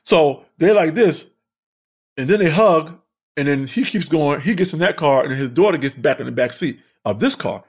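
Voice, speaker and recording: A man's voice: fairly high pitch, moderate pace, slightly rough. A man, a stand-up comedian, telling road stories casually with lots of swearing and laughter. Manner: animated, profane, laughs often. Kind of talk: casual storytelling.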